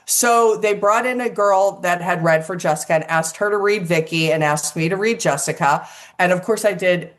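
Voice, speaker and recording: An older woman, an actress, telling lively casual stories in an interview and acting out the quotes. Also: fairly low pitch, normal speed. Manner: animated storyteller, acts out quotes, swears casually.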